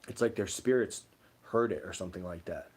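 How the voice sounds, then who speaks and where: This young man's voice is low, darkish, and a touch breathy, and he speaks a little quickly. Co-hosting a livestream, he tells meandering stories, reads viewer comments, and leans heavily on "like."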